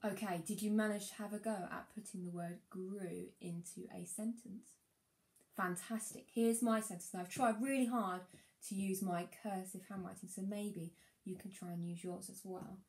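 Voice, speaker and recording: A woman teaching a phonics lesson to young children, encouraging them and sounding out words slowly. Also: mid-range voice, darkish tone, echoey room. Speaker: primary school teacher.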